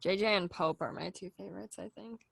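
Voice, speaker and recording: A woman's voice: mid-range voice, fairly quick, creaky, slightly rough, dry recording. A young woman co-hosting a podcast, recapping a TV episode in a plain, matter-of-fact way. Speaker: podcast co-host. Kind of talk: casual chat reviewing a TV show.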